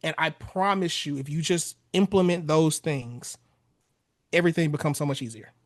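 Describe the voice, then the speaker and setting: A fairly high-voiced man in his thirties coaches husbands in a podcast interview, blunt and casual, with a loose tongue that swears freely. His voice is dry and close, with no room sound around it. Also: normal speed, no echo. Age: 30s. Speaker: relationship coach.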